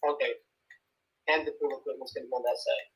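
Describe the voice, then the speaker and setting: A man's voice: medium pitch, steady tone, fast, poor audio. A man, a homeowner, asking hesitant questions about where the pool equipment will go. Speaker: homeowner client. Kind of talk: casual client meeting.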